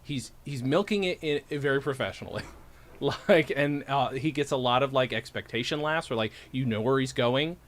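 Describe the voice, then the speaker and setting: A man's voice: medium pitch, normal speed. A man hosting a comedy podcast, chatting in an easygoing way and often agreeing with short replies. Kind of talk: casual podcast chat.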